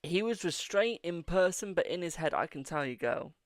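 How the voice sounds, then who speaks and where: A man's voice: on the high side, animated, normal speed, no room sound. A man with a British accent giving a live-streamed tarot reading, laughing helplessly through his sentences. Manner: giggling helplessly, breaking into laughter mid-sentence. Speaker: tarot reader.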